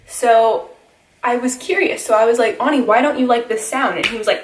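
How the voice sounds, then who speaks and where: A woman's voice: a little high, a little fast, background noise. A young woman vlogger casually telling a funny story, giggling and acting out what people said. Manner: giggly, animated retelling with quoted voices. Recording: echoey room, mic at a distance.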